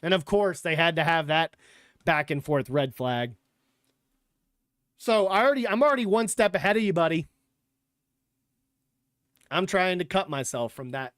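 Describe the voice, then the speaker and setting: A man's voice: on the high side, fairly bright tone, no room sound, clean studio sound. A young man hosting a livestreamed sports podcast, chatting loosely and sarcastically with some swearing. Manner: loose, rambling and sarcastic, with profanity. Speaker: podcast host. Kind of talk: casual livestream chat.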